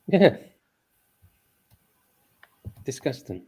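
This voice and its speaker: A man co-hosting a casual livestream chat, animated and prone to rants and laughter. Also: very slow. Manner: animated, ranting, laughs easily. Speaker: co-host.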